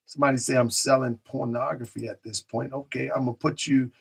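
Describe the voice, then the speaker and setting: A man's voice: mid-range voice, little pitch movement, brisk, vocal fry, husky. A man hosting a live stream, chatting casually, reading out viewer comments and often repeating himself. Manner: talks to chat directly, repeats himself, drifts off mic.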